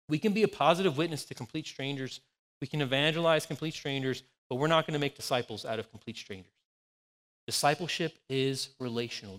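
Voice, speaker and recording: A man's voice: medium pitch, in a large hall. A man in his forties, a pastor giving a conversational sermon full of personal anecdotes. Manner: conversational, anecdotal, animated storytelling.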